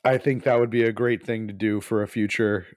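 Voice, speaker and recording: A man co-hosting a podcast in casual chat, talking in halting, rambling restarts. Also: fairly low pitch, steady tone, no room sound, studio quality. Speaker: podcast co-host.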